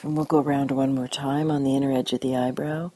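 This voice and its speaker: A woman guiding a tapping session in a calm, gentle way, giving phrases for the listener to repeat. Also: rumbling low, fast. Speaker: tapping practitioner.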